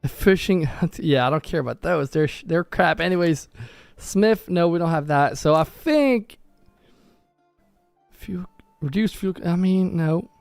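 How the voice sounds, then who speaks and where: A man's voice: a little high, lively intonation, a little slow, gravelly, clear, resonant tone, no echo. A man casually commenting on his own gameplay on a live stream, thinking aloud and often correcting himself. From Norway. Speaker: gaming streamer. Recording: faint background music.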